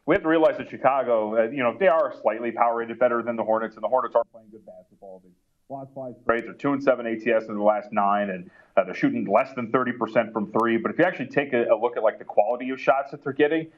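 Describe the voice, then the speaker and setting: A man talks through sports betting picks at a brisk pace, with plenty of fillers along the way. His audio sounds dull and lo-fi. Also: medium pitch. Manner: rapid, filler-heavy analysis. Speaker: NBA analyst.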